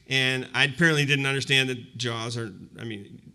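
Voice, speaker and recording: A man's voice: medium pitch, pushed and bright, smooth. A man in his fifties telling a personal story in a conversational, reflective way during a university talk, with frequent fillers. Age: 50s. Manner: conversational and reflective, many fillers like "you know". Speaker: university presenter. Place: university event before a live audience.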